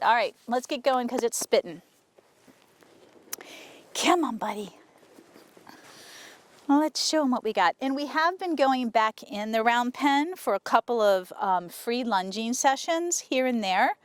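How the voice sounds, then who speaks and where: A woman horse trainer talking casually to her viewers while working a horse outdoors, often breaking off to softly praise the horse. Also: medium pitch, a little slow. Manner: chatty, soothing praise to the horse. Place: outdoor arena.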